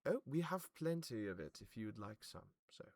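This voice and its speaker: A man's voice: lowish voice, sing-song, normal speed, gravelly, darkish tone. A man narrating as game master in a tabletop game, describing scenes with many fillers.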